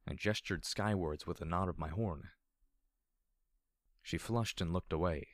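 A man reading a first-person story aloud in a steady, low-key narration. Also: a little slow, long pauses, no room sound, clean studio sound. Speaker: audiobook narrator.

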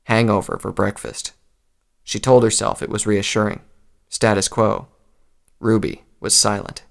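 A man reading a story aloud in a calm, measured narration. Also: lowish voice, gravelly.

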